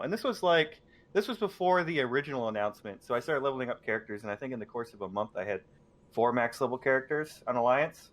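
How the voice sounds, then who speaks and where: A man's voice: mid-range voice, a little fast. A man in his thirties co-hosting a podcast, telling a story in casual chat with frequent laughs. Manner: laughs often, animated storytelling. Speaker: podcast co-host.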